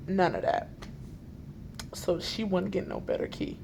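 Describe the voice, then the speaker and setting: Exasperated woman retelling a bad appointment, gravelly. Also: medium pitch, normal speed, a little hiss or hum. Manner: animated, exasperated retelling with quoted dialogue. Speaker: vlogger. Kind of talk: storytime vlog. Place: hospital library, indoors. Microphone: self-filmed camera.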